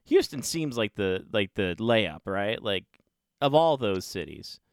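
A man's voice: fairly low pitch, very animated, measured pace, clear, resonant tone, dry recording, studio quality. A man hosting a casual sports podcast, joking loosely and polling his co-hosts. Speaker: podcast host.

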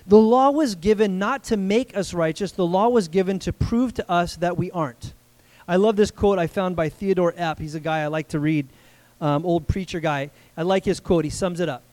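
A man's voice: high-pitched, moderate pace, darkish tone, no room sound. A man preaching a sermon as pastor, earnest and emphatic, often putting questions to the congregation.

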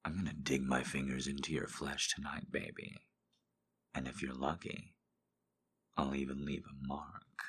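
A man reading out listener quotes as a slow, teasing, dominant lover in a hushed voice. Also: rumbling low, breathy edge, voice pushed down, heavily acted. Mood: low, sultry. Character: low-voiced seductive dominant male lover.

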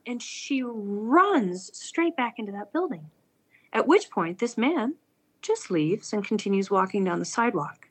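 A woman's voice: mid-range voice, measured pace, breathy edge. A woman earnestly telling a personal story aloud, acting out the people she quotes. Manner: earnest, animated, acts out quoted speech.

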